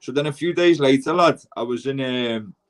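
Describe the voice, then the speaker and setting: Man, scouse accent, casual chat, slangy storyteller, medium pitch. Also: moderate pace. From Liverpool. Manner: rambling, slangy, quoting others in dialogue. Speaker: podcast host.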